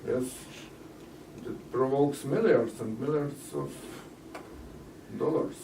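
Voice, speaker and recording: A man's voice: medium pitch, takes it slowly, mellow, slight background noise. Man interjecting questions at a press conference. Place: conference room. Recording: roomy, distant mic, faint ambience.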